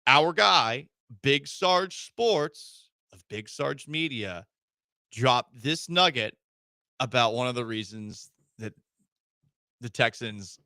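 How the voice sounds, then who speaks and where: Bright, joking sports radio host. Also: male voice, mid-range voice, slow, no room sound, studio quality. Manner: joking, animated, emphatic. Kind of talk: casual sports talk radio. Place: radio studio.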